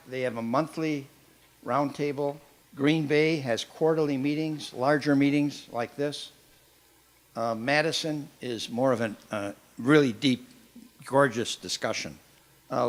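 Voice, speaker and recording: Older man as organizer, mid pitch, halting and plain delivery. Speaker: event organizer. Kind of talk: informal announcements at a gathering. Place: meeting hall.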